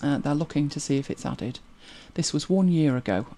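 Lively rambling British woman co-host. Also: low voice, normal speed. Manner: rambling, humming to herself while scrolling, chuckling. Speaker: live stream co-host. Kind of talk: casual live-stream chat, reading comments.

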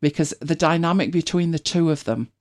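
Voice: medium pitch, fairly quick, darkish tone. A host with a British accent, chatting casually and rambling with many restarts. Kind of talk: casual chat.

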